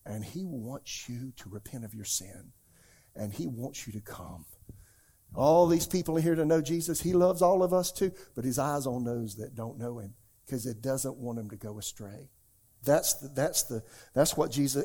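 At normal speed and in a mid-range voice, a male pastor preaches to a live congregation in church. He swings from loud, emphatic exclamations to hushed asides that are almost whispered.

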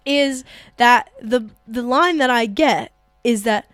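A woman comedian co-hosting a casual chat, telling stories in an animated way and laughing often. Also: fairly high pitch, takes it slowly, no room sound, clean studio sound, soft background music. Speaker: comedian and co-host.

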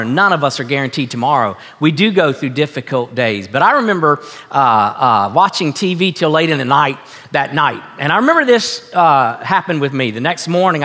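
A man preaching a sermon as pastor, earnest and halting, repeating himself with many fillers. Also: a little high, bright, forceful tone. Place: church sanctuary. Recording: echoey hall.

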